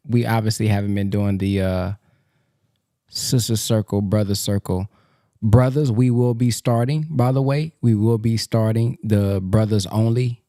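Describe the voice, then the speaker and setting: A man hosting a group call, talking in a relaxed, plain-spoken way. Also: on the low side, no room sound, studio quality. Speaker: host. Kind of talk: casual talk on a conference call.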